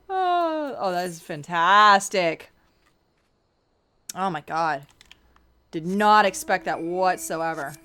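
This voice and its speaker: A woman's voice: lowish voice, slow pace, long pauses, bright, forceful tone, clean tone. A woman streamer giving casual play-through commentary, swearing freely and reading game dialogue aloud.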